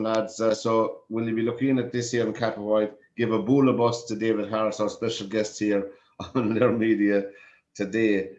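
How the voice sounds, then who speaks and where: Irish talk-show host in an echoey room. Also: male voice, on the low side. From Ireland. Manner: affable, encouraging interjections. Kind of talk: casual talk show interview. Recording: echoey, muffled room mic.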